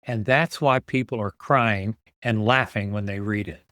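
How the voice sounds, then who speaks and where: A man's voice: fairly low pitch, measured pace, a bit bright, dry recording, clean studio sound. Earnest older man telling his story. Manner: earnest, repeats words as he builds a point. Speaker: guest, author and nonprofit founder. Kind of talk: podcast interview storytelling.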